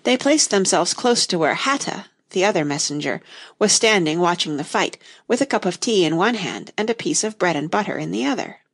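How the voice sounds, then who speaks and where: A woman narrating a storybook aloud in a steady, expressive manner. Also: fairly low pitch, a little fast.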